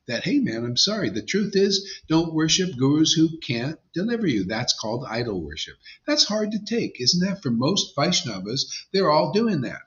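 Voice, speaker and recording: A man's voice: a little high, big pitch swings, moderate pace, few pauses. A man, a spiritual teacher, giving an informal devotional sermon in a blunt, emphatic, conversational way. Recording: dull lo-fi sound.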